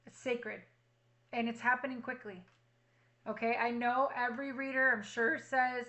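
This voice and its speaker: Woman doing a tarot reading, brightish higher voice, keeps repeating reassuring stuff. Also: fairly even intonation, moderate pace, poor audio. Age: adult with a child at home. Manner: earnest, reassuring, repeats affirmations. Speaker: tarot reader. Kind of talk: spiritual tarot reading to viewers.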